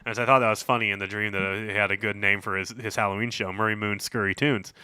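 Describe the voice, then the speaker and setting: Bright-voiced rambling podcast host. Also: male voice, lowish voice, fairly even intonation, quick pace, clean tone, no echo, clean studio sound. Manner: rambling storyteller with many fillers. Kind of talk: casual chat.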